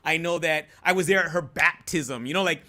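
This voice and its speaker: A young man telling a personal story as a podcast guest in a relaxed, easygoing way, full of fillers. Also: a little high, brisk. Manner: relaxed, many fillers like "you know" and "um". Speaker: guest, host's husband. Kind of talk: casual storytelling.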